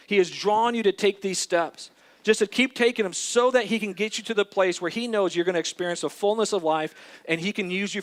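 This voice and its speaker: A man's voice: high-pitched, fairly bright tone. A man preaching a sermon as pastor, earnestly acting out little imagined conversations. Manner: earnest, acts out imagined dialogue. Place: church.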